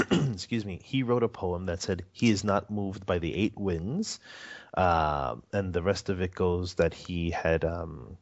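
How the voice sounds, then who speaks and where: A man telling a story as a radio interview guest, rambling with fillers and frequent chuckles. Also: low voice. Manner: rambling, many fillers and restarts, chuckles often. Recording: dull lo-fi audio.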